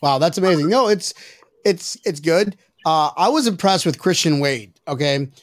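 A man hosting a podcast in casual chat, brash and profane, joking loudly with his co-hosts. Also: on the high side, expressive, normal speed, no echo, clean studio sound. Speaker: podcast host.

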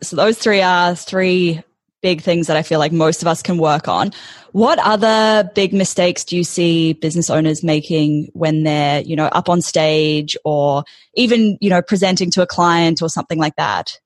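A woman's voice: fairly low pitch, fairly even intonation, normal speed, no echo. A woman hosting a podcast interview, attentive and encouraging, asking questions and giving short affirmations. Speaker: podcast host.

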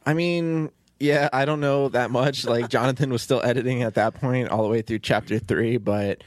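A man's voice: mid-range voice, fairly even intonation, normal speed, dry recording. A man hosting a casual podcast chat, easygoing and agreeable, often nodding along with short replies. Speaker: podcast host and show creator.

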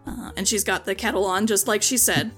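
A woman's voice: medium pitch, steady tone, brisk, a bit bright, soft background music. A woman narrating a tabletop game as game master, chatty and hedging with frequent likes and ums.

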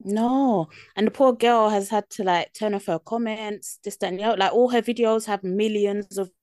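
A young woman co-hosting a podcast, agreeable and quick to laugh. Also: medium pitch, darkish tone, no room sound, studio quality. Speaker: podcast co-host. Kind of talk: casual chat.

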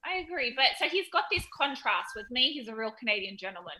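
A chatty Australian woman tells stories in a slightly raised, bright voice. Her delivery is loose, full of fillers and small restarts, as guests do in a relaxed interview. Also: a little high, fast talker, a little hiss or hum. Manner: chatty, hesitant fillers, laughs while telling stories. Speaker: guest wrestler. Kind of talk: casual interview chat.

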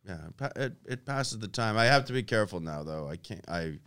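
A middle-aged man, a comedian guest on a podcast, chatting casually and telling rambling stories that drop into quiet mumbles and break into laughs. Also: on the low side, animated, fairly quick, clear, resonant tone.

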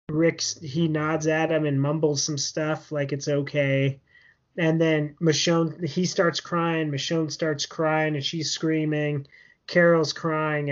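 A man co-hosting a podcast, casually recapping a TV episode in a rambling way full of fillers. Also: a little high. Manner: rambling, filler-heavy storytelling with laughs. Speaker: podcast co-host. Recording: dull lo-fi podcast audio.

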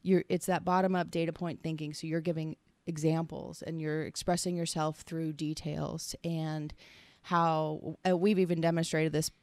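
A woman's voice: low voice, little pitch movement, moderate pace, few pauses, darkish tone, dry recording. A woman co-hosting a casual conversation, earnest and reflective, working through her thoughts in long, searching sentences.

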